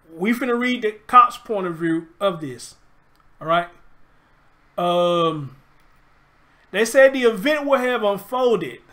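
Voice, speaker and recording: Memphis guy on a live stream, voice sits pretty high, reads a news piece then reacts hard. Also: a bit bright. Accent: Memphis Southern. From Memphis, USA. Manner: reads aloud then reacts emphatically, greets viewers. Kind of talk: casual live-stream commentary reading an article.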